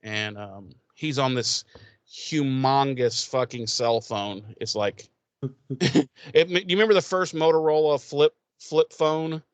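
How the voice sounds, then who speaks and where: Speaking slowly in a clean, medium-pitched voice, a podcast co-host rambles through an episode recap, cursing, laughing a lot, and performing the characters' lines. The recording has no echo.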